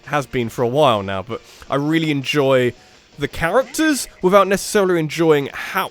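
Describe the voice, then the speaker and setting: A man rambling through gameplay commentary, thinking aloud and giving opinions. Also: mid-range voice. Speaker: let's play commentator.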